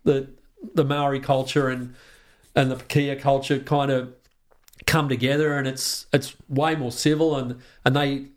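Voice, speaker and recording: A man's voice: mid-range voice, little pitch movement, moderate pace. An Australian man talking as a podcast guest in casual conversation, passionate and sweary, often restarting his sentences.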